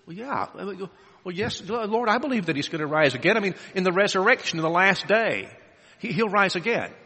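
Martha, an earnest woman, pleads and insists as a man acts her out. Her voice is bright and a bit raised in pitch. A long hall reverb follows each phrase. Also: expressive, fairly quick, heavily acted.

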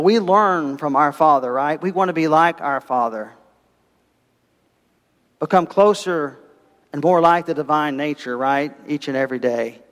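A man preaching a sermon, telling a parable with lively, animated storytelling and acting out the voices of its characters. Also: a little high, in a large hall. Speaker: pastor.

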